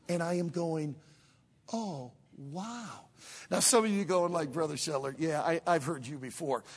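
Man preaching, high lively voice, gravelly and husky, long hall reverb, animated storyteller. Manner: animated storytelling with acted-out quotes. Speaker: pastor. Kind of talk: sermon.

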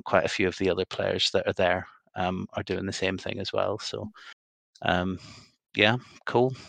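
A man's voice: deep voice, fairly bright tone, no echo. A man hosting a casual podcast, rambling along with frequent ums. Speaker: podcast host.

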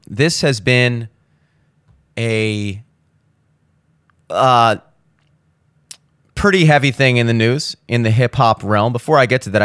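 A hungover young man hosting a podcast, talking casually and profanely, breaking into loud exasperated rants. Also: fairly low pitch, smooth, no echo, studio quality. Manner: profane, ranting, swings into loud exasperated outbursts. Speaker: podcast host. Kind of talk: casual monologue.

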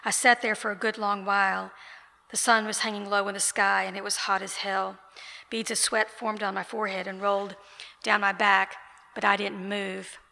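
An author reading her novel aloud at an indoor event, in a steady, even reading voice. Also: medium pitch, normal speed, gravelly. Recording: reverberant event room.

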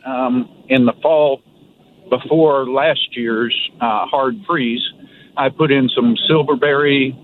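A man's voice: medium pitch, fairly even intonation, takes it slowly. Plainspoken male caller on a phone line. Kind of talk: call-in radio question. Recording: tinny phone line with faint hiss.

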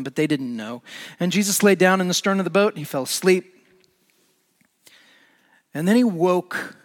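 Animated male preacher in a reverberant hall. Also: a little high. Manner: animated, building to emphatic peaks. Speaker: pastor. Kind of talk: sermon.

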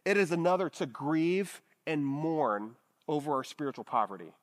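A man preaching in an easy, conversational way, his voice sitting a little higher than most men's. He keeps turning to the room with quick "right?" check-ins as he works through the passage. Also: lively intonation. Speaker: pastor. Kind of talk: sermon.

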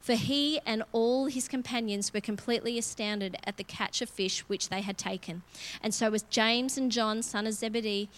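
A middle-aged woman preaching in a relaxed, chatty way, her voice sitting fairly high. She reads scripture and then talks it through with growing emphasis, like she's speaking to friends. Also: normal speed. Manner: chatty and expressive, building emphasis as she goes. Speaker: church speaker. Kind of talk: conversational sermon with Bible reading.

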